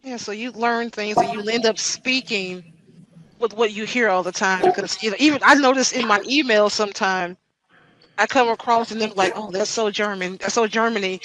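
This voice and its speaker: A man chatting casually with coworkers on a video call, talkative and quick to laugh. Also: high voice, crowd noise, poor audio. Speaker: team member on a panel. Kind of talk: casual chat.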